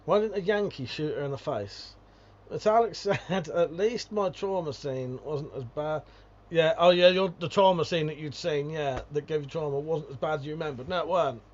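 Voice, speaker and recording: A man's voice: fairly high pitch, normal speed, highs cut off. Sweary British man ranting on a stream. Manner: profane, ranting, laughs often. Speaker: livestreamer. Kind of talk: casual livestream chat, reading viewer comments.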